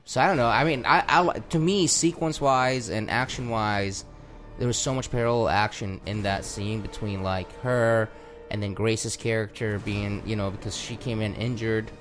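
Excitable, profane man chatting. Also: fairly low pitch. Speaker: podcast co-host. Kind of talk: casual chat.

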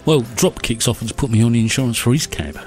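A man's voice: mid-range voice, fast talker, a little mellow, faint music behind. A man co-hosting a casual chat show, easygoing with a dry humour. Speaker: co-host.

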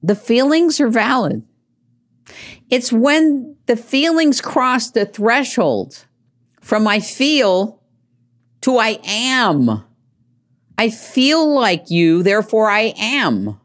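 An older woman hosting her own show, delivering an emphatic, rambling monologue and dropping her voice low for asides. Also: very animated, takes it slowly. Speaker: host. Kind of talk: opinionated monologue.

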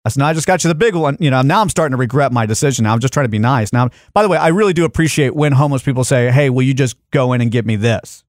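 A man's voice: mid-range voice, racing, hardly any pauses, no echo. A man hosting a radio show, telling a story in casual studio banter and acting out the people he quotes. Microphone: studio mic.

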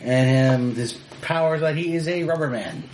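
A man playing in a tabletop game, excitable and stumbling over his words as he describes his character. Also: medium pitch, moderate pace. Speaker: player. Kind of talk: casual tabletop game chat. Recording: echoey room with faint noise.

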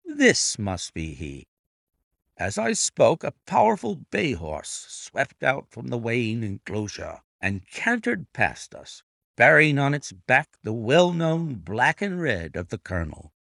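A man reads a classic mystery aloud at an unhurried, deliberate pace, his pitch rising and falling with lively expression. The recording is dry and close, with no room sound. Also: creaky, dry recording. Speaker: reader and annotator of classic stories. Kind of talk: storybook narration.

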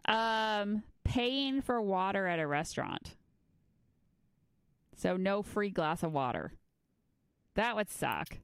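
A woman's voice: mid-range voice, lively intonation, slow, vocal fry, long pauses, clean tone, no echo. A woman in casual chat, reading out topics to a friend, laid-back and giggly, swearing now and then.

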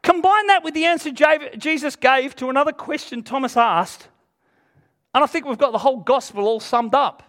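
A man's voice: very high-pitched, moderate pace, fairly bright tone. A man preaching a sermon to a congregation, earnest and emphatic, retelling scripture in everyday speech.

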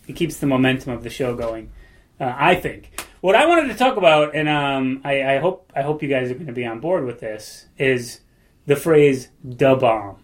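A man co-hosting a comedy podcast, talking in a deadpan, hesitant, mock-earnest way. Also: medium pitch, moderate pace. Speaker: podcast co-host.

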